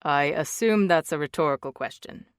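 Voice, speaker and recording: A woman reading an audiobook, voicing a gentle, playful young husband in a lowered voice. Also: normal speed, clear, resonant tone, dry recording, studio quality, lightly acted. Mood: teasing. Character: tender joking young husband, man. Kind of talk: audiobook character voice.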